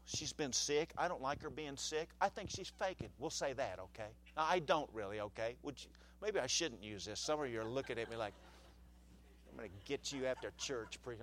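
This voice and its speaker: A pastor preaching a folksy sermon in church, with humorous asides and questions to the congregation. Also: male voice, medium pitch, fairly bright tone.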